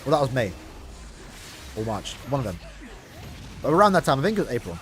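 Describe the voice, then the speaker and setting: A man's voice: mid-range voice, very animated, a little fast, slight background noise. A young man casually chatting to his viewers while playing a mobile game, rambling and restarting his sentences. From Ireland. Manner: rambling, restarts often, talks to chat. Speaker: streamer. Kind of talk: casual gaming livestream chat.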